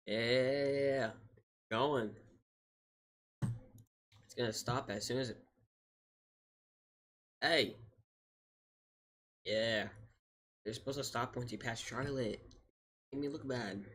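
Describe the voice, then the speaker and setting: A man's voice: medium pitch, normal speed. A man streaming storm coverage, talking casually to himself and exclaiming as he reacts. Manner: excitable, thinking aloud, exclaiming. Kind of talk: casual live commentary.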